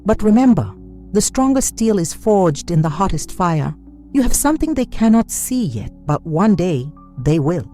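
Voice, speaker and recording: Man doing a loving old granny, soft earnest words, warm mellow tone. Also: high-pitched, very animated, moderate pace, pitched above the performer's own voice. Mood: tender. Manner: tender, earnest. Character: loving old grandmother, gentle and firm. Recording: soft music behind.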